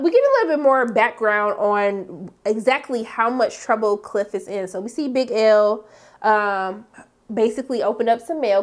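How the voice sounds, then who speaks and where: Young woman vlogger, high voice, lively recap host who swings between loud squeals and muttered asides. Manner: animated, jumping between high exclamations and low asides. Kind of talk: casual TV recap vlog.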